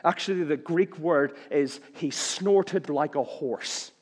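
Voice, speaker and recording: Male preacher with a slightly high voice, chatty and wry, recorded with long hall reverb. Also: slow pace, slightly rough. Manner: conversational, with wry jokes and questions. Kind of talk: sermon.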